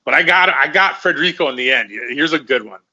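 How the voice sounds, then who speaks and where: A man's voice: on the high side, animated, fast, pushed and bright, dull audio. A middle-aged man, a former fighter, telling rambling, profane stories in casual conversation and often repeating himself.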